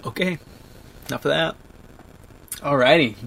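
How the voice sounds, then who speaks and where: Reading and responding to viewer comments on his livestream, a thirtysomething man gets choked up, laughs through tears, and stumbles into halting restarts. His voice is a little high, creaky, and somewhat bright, and a faint hiss or hum sits underneath.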